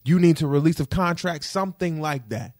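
A young man venting to the camera in a vlog, indignant and profane, repeating himself and swinging between low grumbles and sharp high outbursts. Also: a little fast, dry recording, clean studio sound. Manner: indignant, profane, repetitive rant with big pitch swings.

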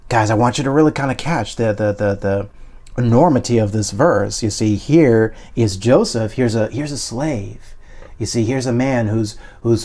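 A man with a somewhat low voice preaches an online sermon. He is emphatic and repetitive, circling back over his points as he leads listeners in repeating affirmations. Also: a little mellow.

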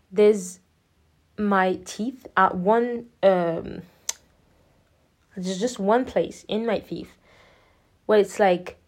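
Young woman, vlogger, rambling and chatty, soft mellow tone, middling pitch. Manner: chatty and rambling, full of "like" and quick laughs. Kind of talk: casual personal storytelling.

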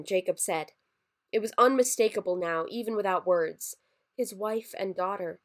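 A woman narrating a dark holiday short story in a measured, expressive reading. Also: mid-range voice.

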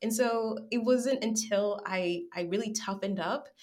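An American woman in her twenties or thirties chatting candidly in an interview, animated and acting out her own inner voice. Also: mid-range voice, measured pace. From United States. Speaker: guest. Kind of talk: casual interview chat.

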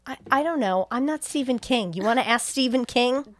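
A woman co-hosting a podcast, recapping a horror film in casual, animated storytelling with swearing. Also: a little high, normal speed, a crowd in the background. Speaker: podcast co-host.

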